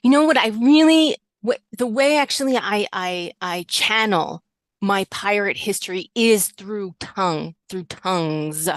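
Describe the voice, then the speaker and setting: A woman's voice: mid-range voice, measured pace, dry recording. A woman improvising a rambling self-styled expert on a comedy podcast. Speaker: podcast guest.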